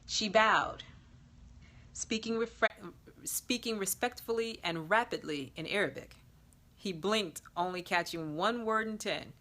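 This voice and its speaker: A woman reading an erotic story aloud in a slow, sultry narration that sometimes drops to a whisper. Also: fairly low pitch, a bit bright. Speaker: erotica reader. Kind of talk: scripted narration.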